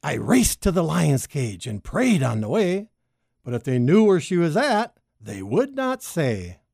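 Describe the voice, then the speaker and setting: A woman reading a rhyming children's story aloud, expressive and sing-song. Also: a little slow, creaky, slightly rough, no room sound, studio quality. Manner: expressive, sing-song, big pitch leaps. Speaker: storybook reader.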